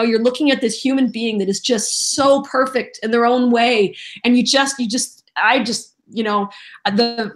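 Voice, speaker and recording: A middle-aged woman, a voice actress, telling stories in a lively, self-deprecating way during a casual interview. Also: a little high. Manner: animated, self-deprecating storyteller. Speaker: voice actress guest.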